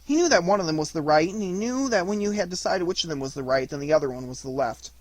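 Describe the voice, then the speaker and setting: A man reading a children's storybook aloud in an expressive narrating voice. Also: high voice, quick pace, no room sound. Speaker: audiobook reader.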